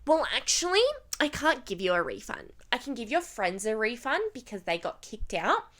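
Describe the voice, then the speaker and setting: A snippy restaurant manager, as a woman storyteller puts her on, talks down to customers. Her high voice swoops up and down with a curt, dismissive edge. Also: sing-song, moderate pace, a bit bright.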